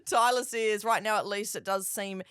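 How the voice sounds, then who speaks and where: A woman's voice: medium pitch, fairly even intonation, moderate pace, a bit bright, clear, resonant tone, no room sound. Aussie woman podcast cohost, laughs a lot, reads listener comments, dry sound. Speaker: podcast co-host. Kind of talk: casual chat.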